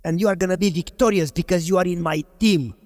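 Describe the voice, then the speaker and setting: A man's voice: high voice, quick pace, a little mellow. A man preaching a sermon as a pastor, telling a story and asking the audience rhetorical questions with emphasis. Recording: long hall reverb.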